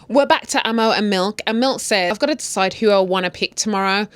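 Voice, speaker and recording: A woman talking through a dating show episode in a loose, sassy way, throwing in teasing asides as she goes. Her pitch sits in an ordinary middle range, and the recording is dry and close with no room sound. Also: fairly quick, clean tone, no room sound. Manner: sassy, chatty, teasing asides with frequent laughs. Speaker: vlogger recapping a reality dating show. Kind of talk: casual recap commentary.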